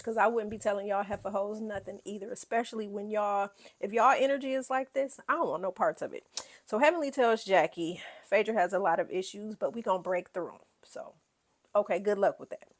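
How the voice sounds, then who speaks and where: A woman hosting a casual reality TV recap, sassy and animated, laughing often as she dishes gossip. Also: mid-range voice.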